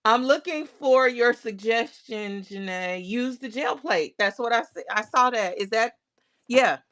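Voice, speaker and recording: Unhurried woman chatting on a craft livestream. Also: on the high side, a bit bright. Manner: chatty, greets viewers by name, reads comments aloud; talks to herself while working on crafts. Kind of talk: casual livestream chat.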